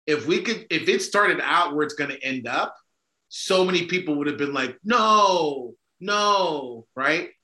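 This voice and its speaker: A man's voice: a little high, normal speed, pushed and bright. A man co-hosting a podcast, talking emphatically and discursively, often checking in with "right?". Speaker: podcast co-host. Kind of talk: conversational discussion. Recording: echoey room.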